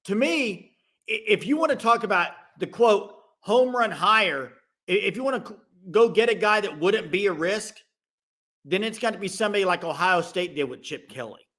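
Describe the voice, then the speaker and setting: Male sports-talk host, bright and lively, opinionated, fast restarts. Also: high voice. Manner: animated, quick restarts, throws out opinions. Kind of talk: casual sports talk with live call-ins.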